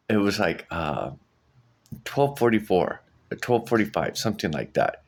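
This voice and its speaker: Middle-aged man, vlogger, lowish voice, very lively pitch, laughs a lot, casual storytelling. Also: unhurried, long pauses. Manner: animated, laughing, acts out quoted shouts in a high voice.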